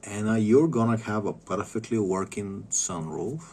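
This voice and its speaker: Male, husky low voice, loose rambling casual chat, profane and halting. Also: a little mellow. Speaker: streamer giving car tips.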